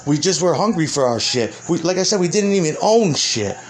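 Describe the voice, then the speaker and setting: A man's voice: fairly high pitch, sing-song, brisk. A man, a musician, in a rambling and profane rant, combative and heated. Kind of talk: ranting monologue.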